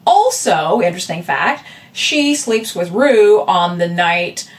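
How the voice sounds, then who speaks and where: Speaking slowly and expressively in a fairly low voice, a woman vlogger and artist rambles to camera with many fillers and asides. She sounds far from the mic, captured on a camera alongside a separate audio backup.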